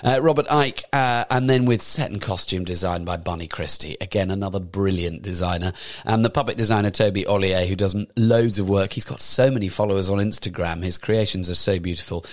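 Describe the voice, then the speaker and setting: A man's voice: fairly low pitch, no room sound, studio quality. A man casually presenting theatre news, enthusiastic and rambling, correcting himself with chatty asides. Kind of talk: casual chatty show roundup.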